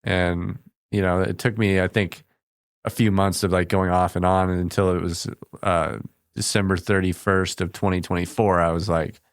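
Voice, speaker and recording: A man who is a veteran and a podcast guest, speaking in a quiet, halting, earnest way. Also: low voice, flat delivery, clear, resonant tone, no echo, clean studio sound. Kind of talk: casual conversation.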